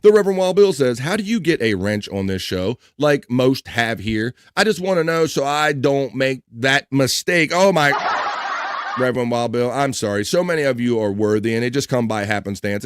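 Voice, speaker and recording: A man hosting a live stream chats casually and reads viewer messages aloud in an upbeat way. His mid-range voice comes through clean, with studio quality and no room sound.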